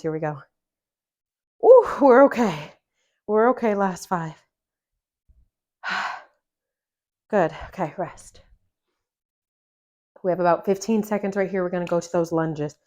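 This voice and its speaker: A woman's voice: lowish voice, steady tone, normal speed, long pauses, a little mellow. A woman coaching a home workout. She is out of breath, encouraging and talks through each exercise between breaths. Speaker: fitness coach. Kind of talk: follow-along workout instruction.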